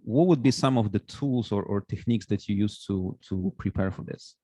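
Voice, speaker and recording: A man's voice: lowish voice, moderate pace, dark tone, no room sound. A man hosting a podcast, asking long questions with frequent hesitations. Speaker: podcast host. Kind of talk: interview questions.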